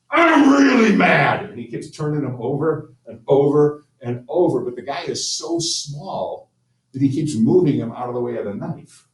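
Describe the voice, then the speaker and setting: A man's voice: medium pitch, darkish tone. Man lecturing in a roomy classroom. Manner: storytelling, conversational with repeated restarts. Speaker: history teacher. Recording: roomy, distant mic with faint ambient noise.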